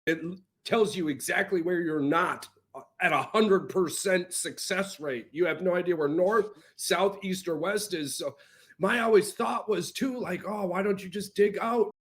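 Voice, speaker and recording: Male podcast host, slightly higher voice, emphatic reactions, casual swearing. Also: measured pace. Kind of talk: casual chat.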